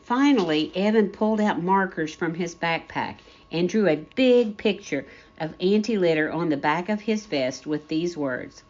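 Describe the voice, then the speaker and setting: A woman reading a children's story aloud as narrator, gentle storyteller style. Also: lowish voice, lively intonation, moderate pace. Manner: gentle storyteller, character voices for quotes. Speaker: story reader. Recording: dull lo-fi audio.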